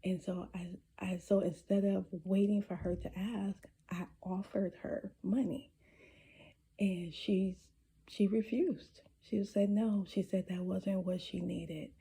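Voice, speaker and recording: A woman telling a personal story in a casual, halting way, with many restarts and some whispered asides. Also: medium pitch, flat delivery, vocal fry, mellow, slightly rough. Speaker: spiritual storyteller.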